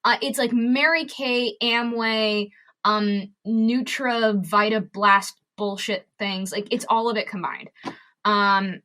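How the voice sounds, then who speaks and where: A woman comedian speaking as a podcast guest, blunt and emphatic, swearing freely. Her voice sits a little high and comes across bright and forceful. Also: takes it slowly. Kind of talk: candid podcast interview.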